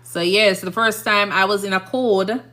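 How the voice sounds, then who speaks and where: Chatty Jamaican woman with a bright voice. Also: medium pitch, fairly even intonation, normal speed. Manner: chatty, rambling, often asks "you understand?". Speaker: nurse and livestream host. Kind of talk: casual livestream chat.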